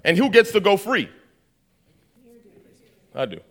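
High bright preacher guy, swoops all over, acts out the story bits. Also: takes it slowly. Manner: animated storytelling with acted-out dialogue; asks the audience questions. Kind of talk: sermon.

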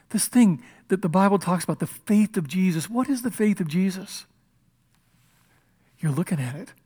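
A man preaching a sermon with passion, moving between loud declarations and hushed, intimate passages. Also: sits high. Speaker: pastor.

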